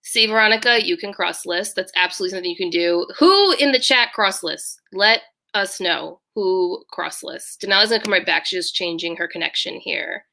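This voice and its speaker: A woman's voice: mid-range voice, a little fast, vocal fry, hardly any pauses, bright, forceful tone. A woman hosting a casual live stream over a video call, chatting with her co-host and greeting viewers in the chat by name. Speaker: livestream host.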